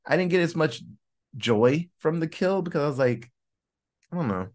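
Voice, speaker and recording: A man's voice: a little high, lively intonation, normal speed, a little mellow. A man co-hosting a casual horror movie review podcast, rambling, swearing and laughing often. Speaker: podcast co-host.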